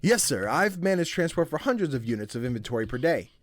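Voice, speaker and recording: A man's voice: a little high, big pitch swings, quick pace. A man voicing a nervous young immigrant father who answers a job interview politely and hesitantly in a game. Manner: formal, hesitant, many sirs.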